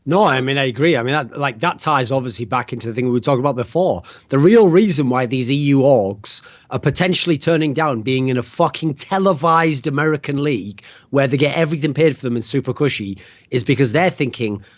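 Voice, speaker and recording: A man's voice: mid-range voice, a little fast. A man co-hosting a talk show in casual, profane banter, sarcastic and ranting, often slipping into mock quotes. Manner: crude, sarcastic, rants with put-on quotes. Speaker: podcast co-host.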